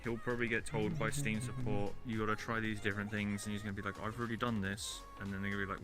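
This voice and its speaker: A man with a low, flat voice chats casually, mostly offering short laid-back agreements. Music plays clearly behind him. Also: fast, hardly any pauses. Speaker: friend on stream. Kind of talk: casual chat.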